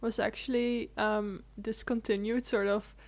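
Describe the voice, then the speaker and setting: A woman's voice: on the high side, flat delivery, a little slow. A woman co-hosting a podcast, chatting casually with short interjections and laughs. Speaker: podcast co-host. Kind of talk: casual chat.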